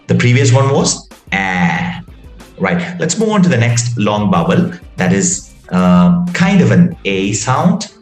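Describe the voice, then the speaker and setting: A man's voice: lowish voice, sing-song, a little slow, a little mellow, echoey room, faint music behind. A man teaching English vowel sounds, drawing out and exaggerating each sound as he demonstrates it. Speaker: pronunciation teacher. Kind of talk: spoken English lesson.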